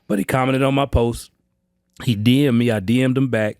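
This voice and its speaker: A man, a sales trainer guest on a podcast, telling stories casually and slangily, acting out quotes with big jumps up in pitch. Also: fairly even intonation, normal speed, long pauses, darkish tone, dry recording, clean studio sound. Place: indoor training space, live session.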